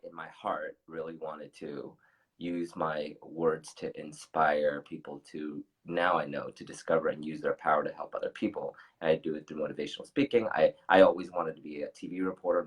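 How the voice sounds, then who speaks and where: A man's voice: extremely low pitch, fairly even intonation, normal speed, a bit bright, husky, poor audio. A middle-aged man co-hosting a casual talk show, speaking earnestly in a motivational way and laughing easily. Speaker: co-host.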